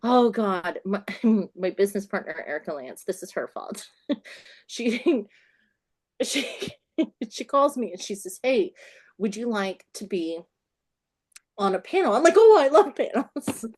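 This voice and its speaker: A woman author as an interview guest, telling stories in an animated way, often laughing and acting out the people in them. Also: medium pitch, measured pace, pauses often. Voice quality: acts out the people in her stories.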